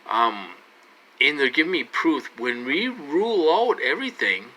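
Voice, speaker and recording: A man from Minnesota talks straight to his viewers in a loose, rambling monologue. His voice is bright and forward. He circles back and repeats himself, with "you know" dropped into nearly every sentence. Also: mid-range voice, a little hiss or hum, rough recording. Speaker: vlogger. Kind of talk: casual monologue to camera.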